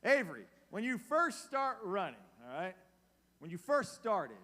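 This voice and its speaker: A man's voice: sits high, sing-song, unhurried, bright, forceful tone. A man giving a casual, conversational sermon as a youth pastor, asking his audience questions. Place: church hall. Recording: long reverb of a church hall.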